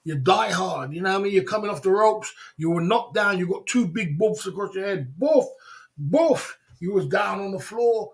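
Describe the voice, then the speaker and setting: A man's voice: sits high, animated, moderate pace. A man hosting a livestream, giving a blunt, repetitive motivational rant with slang and laughing asides. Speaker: livestream host. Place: indoors in Thailand.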